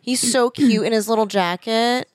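A woman chatting casually as she watches a film with a friend, reacting with groans and quick comments. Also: on the high side, no echo.

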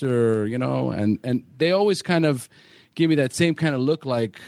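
Joking, profane podcast host. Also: male voice, medium pitch, normal speed, creaky, darkish tone, no echo, clean studio sound. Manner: joking, profane, self-deprecating. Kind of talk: casual podcast chat.

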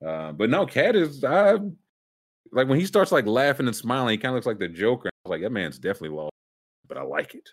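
A man's voice: medium pitch, big pitch swings, a little fast. A man co-hosting a podcast, joking loosely in casual sports chat, often trailing off and restarting. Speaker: podcast co-host.

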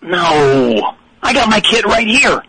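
A man voicing a crude, boastful teenage boy drummer calling into a comedy radio show, cocky and given to loud yelling outbursts. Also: sits high, sing-song, slow pace, slightly rough, full character voice, rough recording. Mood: brash. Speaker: caller. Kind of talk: comedy radio call-in bit.

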